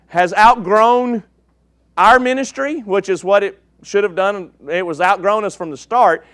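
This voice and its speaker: A man's voice: high-pitched, a bit bright, no echo. A man preaching in a church, folksy and joking with the congregation. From East Texas. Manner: folksy and joking, checks in with "okay?". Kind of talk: sermon with a slide show.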